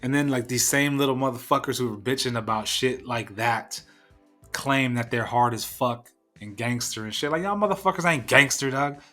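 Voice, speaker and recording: Man, young adult, podcast host, blunt profane rant, mid-pitched voice, faint music underneath. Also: fairly even intonation, moderate pace, a bit bright. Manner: profane, blunt, fired-up ranting. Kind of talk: casual solo podcast rant.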